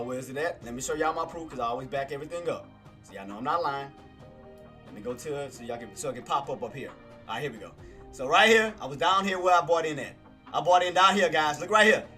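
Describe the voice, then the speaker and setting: An excitable man narrates his trades live, with a high, bright, forceful voice. He brags and repeats himself over and over, and faint music plays under him. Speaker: day-trading streamer. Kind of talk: live trading commentary.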